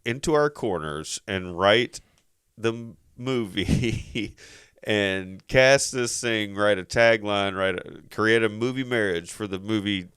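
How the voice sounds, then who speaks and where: Male podcast host, smooth clean voice, dry close sound, rambling chat. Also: fairly low pitch, slow pace, a bit bright, no echo. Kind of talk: casual comedy podcast chat.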